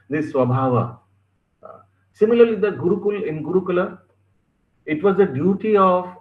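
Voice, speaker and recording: A man with an Indian English accent teaching a scripture class, animated and stressing words as he gives examples. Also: medium pitch, echoey room, phone-quality sound.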